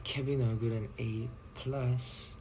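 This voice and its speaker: A man's voice: mid-range voice, steady tone, takes it slowly, warm tone, slight background noise. A young man from Canada with a Canadian accent, chatting playfully and loosely with viewers on a livestream, drifting from topic to topic. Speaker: idol livestream host. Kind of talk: casual livestream chat with viewers. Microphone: phone livestream.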